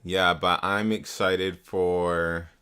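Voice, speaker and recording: Young man, low-pitched, casual stream talk, curses a lot, repeats words, desktop mic. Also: level tone, extremely slow, pushed and bright, clear, resonant tone. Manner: casual, swears often, repeats himself. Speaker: livestreamer. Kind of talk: casual live stream chat. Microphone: desktop USB mic.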